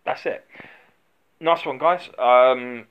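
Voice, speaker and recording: A man's voice: medium pitch, slow, smooth, dull audio. A middle-aged former doorman giving blunt, rambling advice in a casual vlog, full of fillers and restarts. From United Kingdom.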